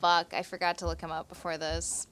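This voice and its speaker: A woman's voice: lowish voice, little pitch movement, a little fast, a bit bright, slight background noise. A woman co-hosting a podcast in casual chat, giggly and swearing casually. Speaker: podcast co-host.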